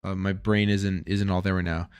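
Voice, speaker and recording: A man's voice: sits low, level tone, moderate pace, a little mellow, clean tone, dry recording. A Canadian man with a Canadian accent hosting a casual livestream, rambling and thinking aloud as he chats with viewers, tired after a long workday. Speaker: gaming channel host.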